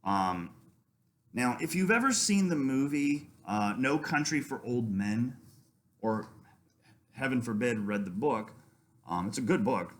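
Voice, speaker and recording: A man teaching a literature lesson in a casual, conversational way, reading passages aloud and pausing often with ums. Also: medium pitch, expressive. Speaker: literature lecturer. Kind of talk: casual lecture.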